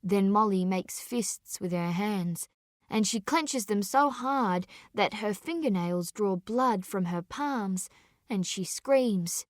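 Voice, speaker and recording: A woman narrates a dark story with intense, deliberate delivery. She takes her time, letting each short phrase land. The sound is dry and close, with no room around it. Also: medium pitch, lively intonation, no echo.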